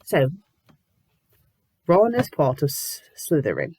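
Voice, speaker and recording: A woman with covid reviewing fanfiction in a comedic, exasperated rant, sometimes breaking into shouts. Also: sits low, huge pitch swings, takes it slowly, breathy edge, dry recording. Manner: exasperated, ranting, bursts into shouting; says "bloody" often. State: sick with covid, a little loopy.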